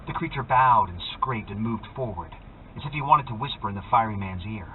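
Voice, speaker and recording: A man's voice: lowish voice, brisk. A man reading a first-person story aloud in a wry, conversational way, heard over a tinny, phone-like line with faint noise. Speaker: audiobook reader. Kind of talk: scripted first-person narration.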